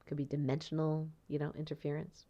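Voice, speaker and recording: A woman's voice: low voice, brisk, highs cut off. A woman hosting a solo podcast about energy healing, talking conversationally with tag questions and acting out the people in her stories. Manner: animated storytelling, acts out quoted voices. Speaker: podcast host and energy healer.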